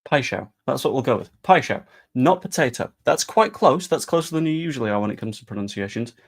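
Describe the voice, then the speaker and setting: A man's voice: mid-range voice, lively intonation, fast. A man talking casually about football transfers, chatty and sarcastic. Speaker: football fan vlogger. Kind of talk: casual live-stream chat.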